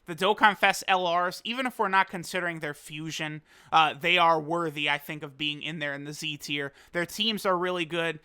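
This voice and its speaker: A man's voice: fairly high pitch, fairly even intonation, moderate pace, hardly any pauses, sharp tone, clear, resonant tone. A young man giving casual commentary on a mobile game, hesitant as he thinks aloud. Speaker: mobile game video creator.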